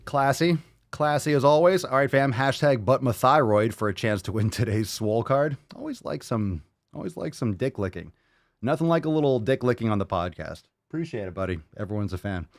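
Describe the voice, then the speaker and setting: A man hosting a casual livestream podcast, loud and profane, hyping up listener posts and talking to his dog. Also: medium pitch, lively intonation, fairly quick, dry recording. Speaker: podcast host.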